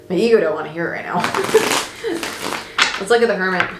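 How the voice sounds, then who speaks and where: Lower-voiced woman reading tarot, echoey room. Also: quick pace. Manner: chatty and reassuring, with casual swearing. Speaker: tarot reader. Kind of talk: casual tarot reading monologue. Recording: echoey room with faint noise.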